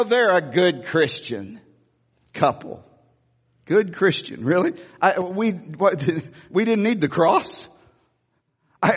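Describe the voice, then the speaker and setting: A middle-aged man delivers a sermon in a fairly high voice, firing rhetorical questions at the congregation and breaking off into chatty asides. His voice carries a long reverb, as if filling a large hall. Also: husky. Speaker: pastor.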